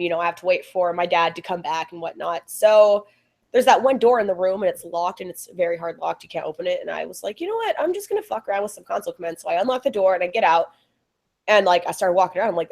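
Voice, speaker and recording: A woman from the American South with a Southern accent, chatting and telling a rambling game story with lots of giggles on a casual livestream call. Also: on the low side. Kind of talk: casual chat.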